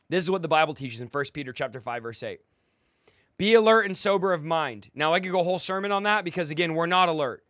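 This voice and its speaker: A young man preaches with fire, confrontational and mocking, barking commands at his listeners. His voice sits high for a man. The sound is close and dry, with no room around it. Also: lively intonation, brisk, a bit bright, no room sound. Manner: exhorting, commanding. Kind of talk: fiery sermon.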